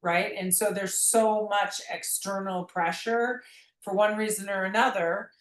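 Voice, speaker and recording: This is a woman being interviewed about her memoir, talking in an earnest, meandering way. Her voice sits at a middle pitch. The room around her sounds echoey. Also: fairly even intonation, measured pace. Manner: earnest, rambling, many restarts. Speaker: guest, memoir author. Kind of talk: reflective conversational interview.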